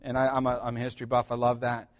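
A middle-aged man preaching a sermon as pastor, joking and shifting between loud emphasis and quiet asides. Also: medium pitch, completely flat delivery, very fast.

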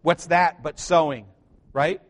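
A man preaching to his church, animated and joking, calling out to the congregation for responses. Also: on the high side, slow. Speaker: pastor. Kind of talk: sermon. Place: church sanctuary.

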